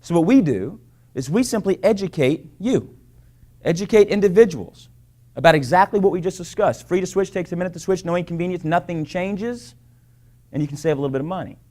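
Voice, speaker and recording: Emphatic man pitching to a crowd. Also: animated, fairly quick, mellow. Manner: emphatic, repeats key phrases with frequent "right?" and "okay?". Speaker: business presenter. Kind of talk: sales pitch to a live audience.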